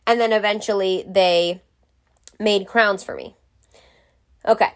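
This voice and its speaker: A woman's voice: medium pitch, steady tone, unhurried. A woman vlogger telling a story to camera in a casual way. She is frank, jokey and swears freely.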